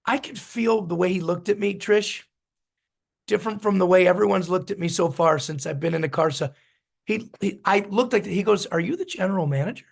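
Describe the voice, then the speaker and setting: A man's voice: sits high, moderate pace, gravelly. A man coaching a business team in a storytelling motivational talk, repeating his key points with emphasis. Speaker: business mentor.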